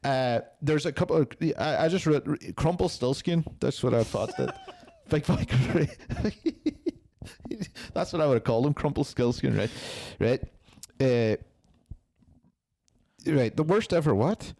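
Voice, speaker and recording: A man's voice: on the high side, lively intonation, a little slow, warm tone. A man co-hosting a podcast, reviewing a film in casual chat with a blunt, sweary, mocking manner. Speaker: podcast co-host.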